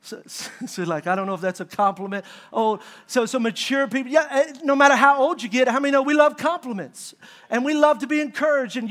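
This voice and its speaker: Middle-aged male pastor, very high pitch, animated storyteller who talks straight to the congregation. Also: a little fast. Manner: animated storytelling with audience call-outs. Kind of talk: sermon.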